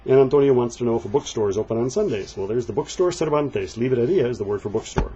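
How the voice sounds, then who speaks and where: Male language teacher, mellow husky voice, slow drilled counting, dull lo-fi recording. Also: mid-range voice, expressive. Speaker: Spanish teacher. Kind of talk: textbook walkthrough lesson.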